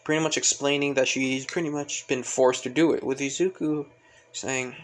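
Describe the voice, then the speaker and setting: A man's voice: mid-range voice, steady tone, normal speed, a little hiss or hum, low-quality recording. A man casually retelling a fan fiction story, rambling and repeating fillers. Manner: rambling, fills with "pretty much".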